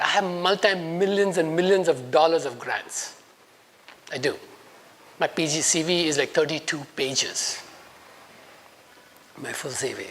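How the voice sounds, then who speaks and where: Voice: medium pitch, animated, a little slow, long pauses, husky. A speaker in their fifties from India with an Indian English accent, giving a personal conference talk and acting out quoted dialogue in a raised voice between reflective stretches.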